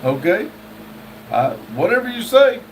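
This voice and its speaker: A man's voice: sits high, big pitch swings, unhurried. A man hosting a live stream, reading viewer messages aloud and answering them with wry jokes. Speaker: livestream host. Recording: distant mic with faint background noise.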